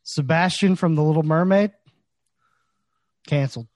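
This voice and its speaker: Podcast co-host, male, slightly high voice, mock-serious comic delivery, dry close sound. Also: moderate pace, darkish tone, no echo. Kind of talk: casual comedic chat.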